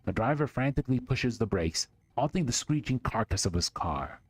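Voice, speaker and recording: A man's voice: medium pitch, lively intonation, moderate pace, husky, no echo. A man streaming, reading a text game aloud dramatically with casual asides.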